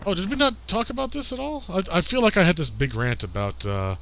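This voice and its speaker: A man's voice: high-pitched, lively intonation, fast talker, vocal fry, bright, forceful tone. A man streaming a game, chatting casually and muttering to himself as he plays. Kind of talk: casual gameplay commentary.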